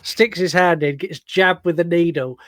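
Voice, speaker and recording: Animated man, fairly high voice. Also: moderate pace, no echo, clean studio sound. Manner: animated, laughing, acts out scenes. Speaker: podcast co-host. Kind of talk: casual film review chat.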